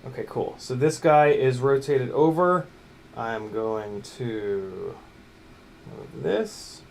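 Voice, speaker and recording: A man at an indoor workbench chats loosely with his stream while building a drone. He jokes and mutters, coaxing stubborn parts into place under his breath. A faint hiss sits behind his mid-pitched voice. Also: lively intonation, slow, creaky, a little mellow. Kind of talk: casual livestream chat while building.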